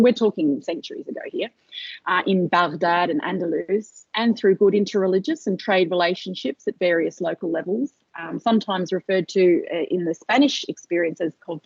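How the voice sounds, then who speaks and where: A woman's voice: on the low side, slightly rough, no echo. A woman giving an academic seminar talk over a video call, hesitant, with many fillers and restarts. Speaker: lecturer. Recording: dull lo-fi video call audio.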